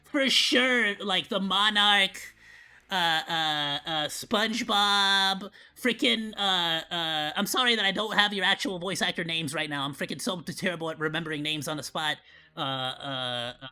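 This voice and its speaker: Man in a bright, high put-on monkey voice. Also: unhurried, smooth. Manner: rambling, lots of fillers and restarts. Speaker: VTuber streamer. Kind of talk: casual reaction stream.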